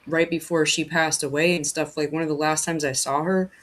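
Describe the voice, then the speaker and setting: A guest tells a personal story in relaxed conversation. The voice sits mid-range in pitch and the speech stumbles along through restarts and fillers. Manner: halting, many restarts and fillers.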